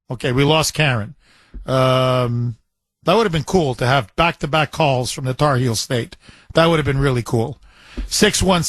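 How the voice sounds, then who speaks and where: A man's voice: fairly high pitch, fairly bright tone, dry recording. A man hosting a talk radio call-in show, chatty and repeating phrases for emphasis.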